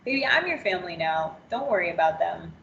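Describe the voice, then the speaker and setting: A woman's voice: fairly low pitch, lively intonation, a little fast, gravelly, a bit bright, roomy sound, highs cut off, a little hiss or hum. A woman voicing an eager, controlling young boyfriend in a training story, cheerful and coaxing.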